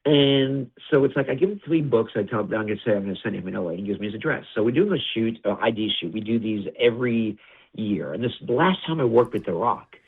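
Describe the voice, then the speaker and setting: A middle-aged male producer, a guest on an interview, telling stories in a blunt, animated way and swearing freely. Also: medium pitch, brisk, husky. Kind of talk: candid interview storytelling. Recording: tinny phone-like audio.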